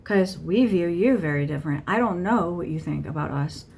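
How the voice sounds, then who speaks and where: A woman's voice: fairly low pitch, lively intonation, moderate pace, vocal fry, a little mellow, breathy edge. Blunt, irritated woman swearing freely. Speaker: tarot channeler. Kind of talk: channeled monologue to camera.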